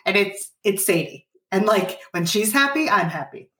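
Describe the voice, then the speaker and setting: A woman's voice: medium pitch, animated, normal speed, distant mic. A woman in her thirties, a parent coach giving earnest advice in a podcast conversation. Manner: earnest, gently coaching, acts out parent and child lines. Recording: roomy, off-mic sound.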